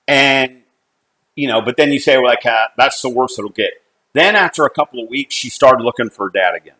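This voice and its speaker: A middle-aged man from the United States, a company CEO, telling a personal family story in an earnest, halting way, often restarting his sentences. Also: medium pitch, bright, forceful tone, rough recording.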